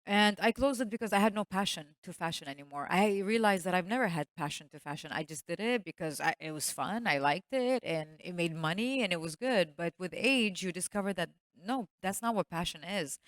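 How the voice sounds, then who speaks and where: A woman entrepreneur speaking on a panel, telling stories in a lively way and laughing often. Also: lowish voice, dry recording. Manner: storytelling, animated, laughs often. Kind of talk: panel talk.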